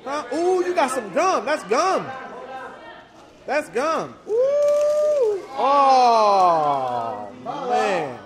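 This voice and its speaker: A woman's voice: high-pitched, sing-song, takes it slowly, pauses often. A woman filming on a phone in a large hall and chatting playfully with children, teasing them in slangy talk. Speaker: person filming at a church kids' event. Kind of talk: casual chat with children while filming. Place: large indoor hall at a church festival. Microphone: handheld phone camera. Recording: noisy crowded hall. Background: crowd of chattering children.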